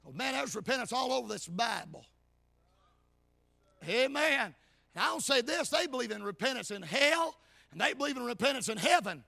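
A man preaching a hollering revival sermon in church, shouting and punctuating every line with amen and hey. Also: extremely high pitch, sing-song, moderate pace, gravelly, long pauses, no echo.

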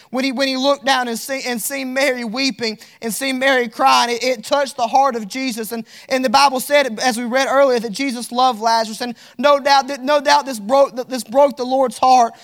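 A man's voice: very high voice, steady tone, moderate pace, few pauses, a bit bright. A man preaching a sermon, fervent and repetitive, lapsing into a sing-song cadence as he reads scripture.

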